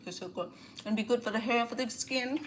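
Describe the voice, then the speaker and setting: A woman's voice: fairly high pitch, a little fast, noisy background. A woman from Cambodia with a Cambodian accent, chatting casually and rambling as she cooks, often restarting her phrases. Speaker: home cooking host. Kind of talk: casual cooking vlog chat. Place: home kitchen. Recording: kitchen clatter of pots and dishes. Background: clinking pots, pans and dishes.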